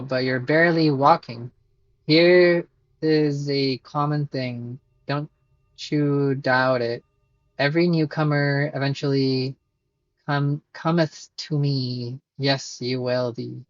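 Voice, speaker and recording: A man's voice: mid-range voice, steady tone, slow, no room sound, natural voice. Wry ghoul doctor in a game, read plainly by a male streamer, dull lo-fi audio. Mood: matter-of-fact. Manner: plain reading without an accent.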